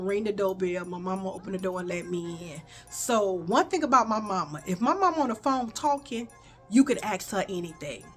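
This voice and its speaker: A woman vlogger telling a childhood story in an animated, conversational way, talking straight to her viewers. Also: medium pitch. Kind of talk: casual storytelling.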